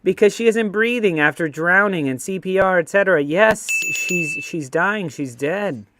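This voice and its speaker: A man's voice: high voice, background noise. A man hosting a casual online trivia night, reading questions and joking with players. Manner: jokey, reads out questions and rules quickly. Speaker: trivia host. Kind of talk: casual quiz hosting on a video call.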